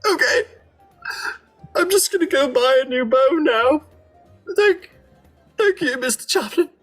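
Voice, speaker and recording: A game master voicing a self-doubting young male elf archer who stammers and breaks into high, cracking notes. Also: very animated, husky, faint music behind. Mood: overjoyed. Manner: halting, stammering, voice cracking upward.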